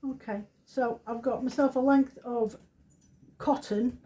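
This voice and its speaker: A woman's voice: a little high, steady tone, unhurried, mellow, low-quality recording. A woman running a craft demonstration, chatting through each step in a casual, self-deprecating way. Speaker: craft shop owner demonstrating.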